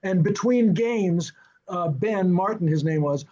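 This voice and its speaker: High-voiced older man telling anecdotes. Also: unhurried, muffled recording. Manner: lively, acts out quoted dialogue, chuckles often. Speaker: film and television director, interview guest. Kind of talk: anecdotal storytelling in an interview.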